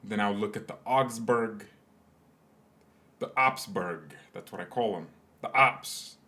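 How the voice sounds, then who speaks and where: Guy with a lowish voice, jokey rambling match chat on a fan stream. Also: slow pace, sharp tone. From United States. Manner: joking, rambling banter. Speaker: fan channel host. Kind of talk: live match watchalong commentary.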